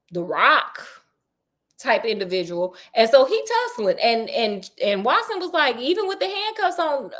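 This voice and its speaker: A woman retelling a classic detective story in a casual, slangy, joking way with playful asides. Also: high voice.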